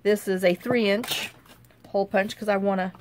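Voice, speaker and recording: A woman hosting a casual crafting tutorial. She thinks aloud in a rambling, chatty way and often drops into quiet muttering to herself as she works. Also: mid-range voice, fairly even intonation, normal speed, slight background noise. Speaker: crafting channel host.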